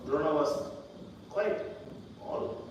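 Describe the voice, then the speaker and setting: Preacher in a big echoing hall. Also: male voice, a little high, expressive, drawn-out words, slight background noise. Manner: conversational, repeats words, acts out quoted voices. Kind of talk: sermon. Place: temple hall. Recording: echoey hall from far off.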